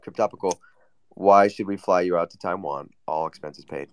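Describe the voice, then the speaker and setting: A man's voice: low voice, normal speed, smooth, dry recording, highs cut off. A man hosting a casual group chat, joking and teasing guests, often mimicking them in a whiny voice. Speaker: host.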